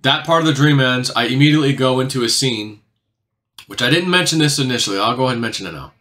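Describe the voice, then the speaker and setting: A man telling a long story in a casual monologue, rambling with lots of filler words and often dropping his voice lower and quieter for emphasis. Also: fast talker. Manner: rambling, heavy on "you know" fillers, drops quieter for emphasis. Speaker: channel host recounting a dream.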